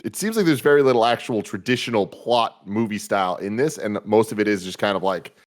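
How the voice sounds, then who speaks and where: A man's voice: on the low side, brisk. A man on a casual movie-review podcast, talking through his thoughts in a thoughtful, analytical, hedging way.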